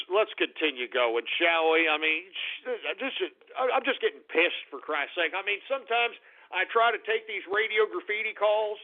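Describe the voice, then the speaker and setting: A man hosting a call-in radio show, ranting profanely and sounding exasperated at his callers. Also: high voice. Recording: tinny phone-like sound.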